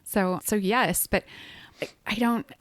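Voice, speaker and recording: A woman's voice: mid-range voice, fairly even intonation, slow pace, dry recording. A woman co-hosting a casual podcast, explaining tarot cards in a chatty, easy way with bursts of laughter. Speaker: podcast co-host, medium.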